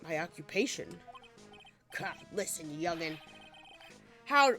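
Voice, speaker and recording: A woman's voice: on the low side, lively intonation, takes it slowly, bright, forceful tone, soft background music, pitched below the performer's own voice, full character voice. A woman voicing a grumpy, stubborn old male witness in a put-on French-sounding accent. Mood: gruff. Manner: gruff, grumbling.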